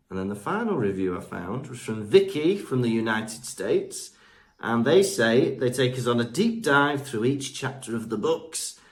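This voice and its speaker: Over a remote podcast mic, a man co-hosting the show reads out listener reviews in a chatty manner with fillers, stumbling on names. His voice is mid-range with a darkish tone.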